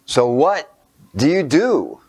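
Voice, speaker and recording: A man giving a sermon through a childhood story, animated, sometimes dropping to a near whisper and putting rhetorical questions to his listeners. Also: fairly high pitch, slow. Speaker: speaker.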